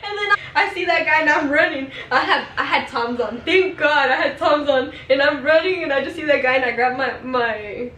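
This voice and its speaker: A young woman telling family stories in casual chat, animated and quick to laugh. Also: sits high, echoey room, far from the mic, poor audio.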